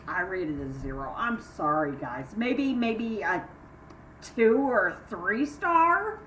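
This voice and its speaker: A woman's voice: very animated, slow pace. An older woman vlogging from home in casual chat, rambling through stories and acting out what people said. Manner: chatty, rambling, acts out quoted voices with sharp jumps in pitch. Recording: echoey room, mic at a distance, faint hiss.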